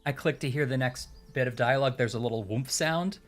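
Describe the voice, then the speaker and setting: A man's voice: mid-range voice, fairly quick, soft background music. Wry man commenting on a game. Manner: wry, deadpan jokes, reads game text aloud. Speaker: game streamer. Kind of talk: casual let's-play chat.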